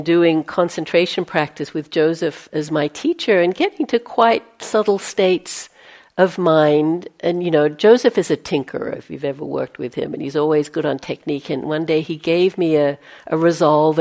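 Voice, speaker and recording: A woman meditation teacher gives a conversational dharma talk in a low-pitched, darkish voice at a normal pace. She adds playful, self-mocking asides and drops to a near-whisper when voicing inner thoughts.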